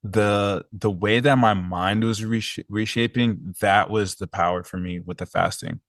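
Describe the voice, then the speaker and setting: A man's voice: on the low side, steady tone, a little slow, fairly bright tone, no echo. A man talking casually and earnestly as a podcast guest, rambling with fillers and restarts. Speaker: podcast guest, personal trainer. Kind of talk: casual conversational storytelling.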